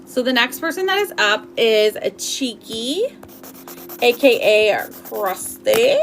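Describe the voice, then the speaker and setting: Speaking slowly with big pitch swings, a fairly high-voiced woman reads tarot live. She's affectionate and talkative, calling viewers babe and sweetheart, full of laughs and "like."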